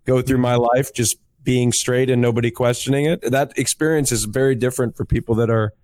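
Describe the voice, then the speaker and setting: A man's voice: mid-range voice, fairly even intonation, a little fast, darkish tone, no echo. A man speaking reflectively and earnestly in casual podcast talk. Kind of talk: casual chat.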